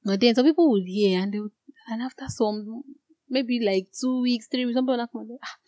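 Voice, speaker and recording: A woman telling her own story in an earnest, direct way, growing animated and indignant at times. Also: on the high side, fast, no room sound. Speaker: guest sharing a personal story. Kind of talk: candid personal testimony.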